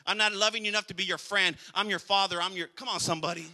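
A male pastor delivers a sermon with a high, very bright and piercing voice. He preaches emphatically, repeating phrases and calling out to his congregation in church. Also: steady tone, fast, long reverb tail, slight background noise.

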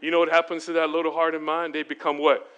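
A middle-aged man preaching at a church retreat, with a bright, forceful voice and crisp, resonant diction. His pitch sits a little high for a man. He puts questions to the room and answers them himself, and acts out the voices he quotes. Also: monotone, quick pace, highs cut off. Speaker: guest speaker. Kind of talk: sermon.

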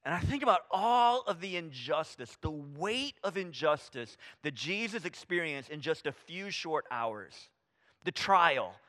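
A man preaching a sermon, animated and conversational, acting out quoted voices and dropping to a hush for emphasis. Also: a little high, measured pace. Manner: animated, swings from loud emphasis to hushed near-whisper; acts out quoted voices, casual fillers like "I mean" and "right?". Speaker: pastor.

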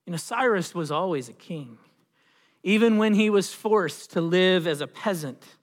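A man's voice: sits high, expressive. Male pastor preaching in a reverberant hall. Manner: storytelling with dramatic pauses and swells. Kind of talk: sermon. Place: church sanctuary. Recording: long reverb of a church hall.

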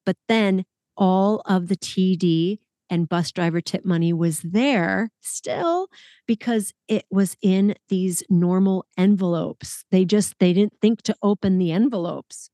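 Woman podcast host, lively storyteller, close dry mic. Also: medium pitch, measured pace, dry recording. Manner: animated storyteller, exclamations. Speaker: podcast host, former group leader. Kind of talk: casual podcast conversation.

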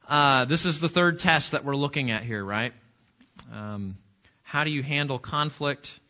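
A man's voice: medium pitch, a little slow, bright, forceful tone. A middle-aged man teaching a Bible class at church, who repeats his words as he goes and keeps putting questions to the class. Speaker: Sunday school teacher. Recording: dull lo-fi recording.

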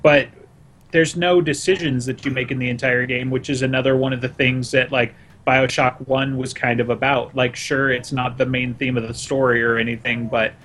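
A man's voice: mid-range voice, level tone, moderate pace, a bit bright. A young man co-hosting a casual podcast, sarcastic with lots of "like" and "you know". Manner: sarcastic, filler-heavy. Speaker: podcast co-host. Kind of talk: casual chat.

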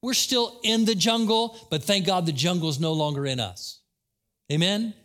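Preaching at a moderate pace in a high-sitting voice, this animated pastor performs quotes aloud and throws questions out to his congregation.

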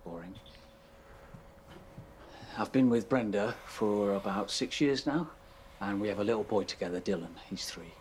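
A man's voice: fairly low pitch, moderate pace, pauses often, a little hiss or hum, natural voice. A man playing a hesitant office worker. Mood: awkward. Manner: hesitant, stammering and apologetic. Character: awkward, polite office worker, suspicious husband.

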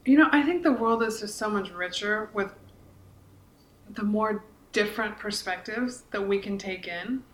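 A woman's voice: medium pitch, a little slow, fairly bright tone, a little hiss or hum. A woman in her forties, chatty and earnest, talking casually on a podcast with lots of likes and restarts. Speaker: podcast co-host and author. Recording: echoey room.

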